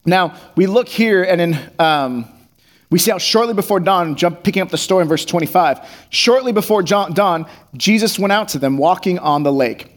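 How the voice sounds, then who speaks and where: A pastor gives a relaxed, conversational sermon at normal speed, his voice pitched a little higher than most men's. He reads scripture passages aloud and then explains them in everyday words.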